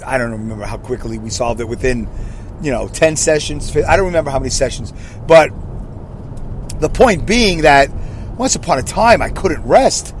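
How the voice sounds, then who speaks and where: A man's voice: mid-range voice, expressive, normal speed, a little hiss or hum. A man in his sixties hosting a casual solo podcast from his car, rambling and correcting himself, and asking listeners questions. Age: 60s. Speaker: podcast host.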